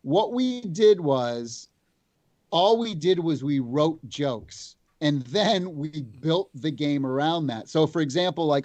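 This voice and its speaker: A man, a game developer guest, telling stories in casual chat, animated and full of restarts. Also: fairly high pitch, slow, no room sound.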